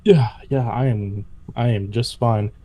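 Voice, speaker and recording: A man playing a tabletop game, talking quickly, arguing and swearing with his friends. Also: medium pitch, fairly even intonation, warm tone. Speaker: player. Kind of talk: casual chat during a tabletop game.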